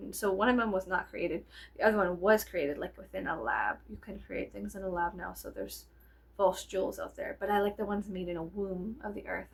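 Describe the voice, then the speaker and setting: A young adult woman vlogger telling a casual story, animated and profane, laughing often and wandering off on tangents. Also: medium pitch, gravelly, breathy edge. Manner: animated, profane, digresses with many fillers.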